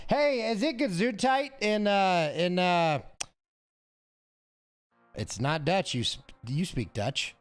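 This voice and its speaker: A man chats on his live stream, greeting viewers and sounding out one word guess after another. His voice sits a bit high and swings around a lot, but he takes his time. Soft music plays in the background. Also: animated, slow, long pauses, clean tone. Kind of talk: casual live-stream chat while solving a word puzzle. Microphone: headphones with mic. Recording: faint music behind.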